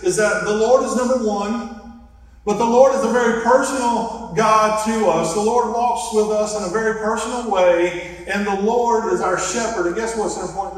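A man preaching a sermon as pastor, earnest and reflective, guiding his listeners through a simple hand gesture exercise. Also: high-pitched. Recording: echoey hall from far off.

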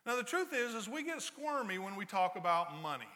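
A man with a high, bright, forceful voice preaches in a church, slipping into playful sarcasm as he spins everyday stories. His words ring out with a long reverb from the sanctuary around him. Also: sing-song, fairly quick. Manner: joking storyteller, playful sarcasm. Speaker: pastor. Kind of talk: conversational sermon.

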